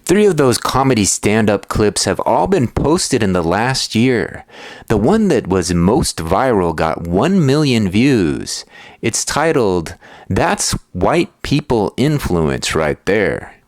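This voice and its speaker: A man narrating a video in a measured, scripted way. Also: fairly low pitch, very animated, no echo. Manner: measured, reads out view counts and titles.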